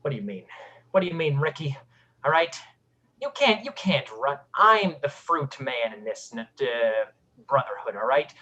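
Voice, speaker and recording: A woman plays a blustering executive brother, pushy and pressured, tossing in "all right?" constantly. The voice is husky and pitched low. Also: big pitch swings, normal speed, bright, forceful tone, highs cut off, exaggerated voice. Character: pushy corporate fruit-company CEO brother. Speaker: improv performer. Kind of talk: improv comedy scene.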